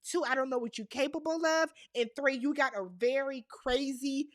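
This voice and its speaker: Animated high-voiced woman recapping reality TV. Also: moderate pace. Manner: animated, exasperated, talks straight to the people on screen. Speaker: recap host.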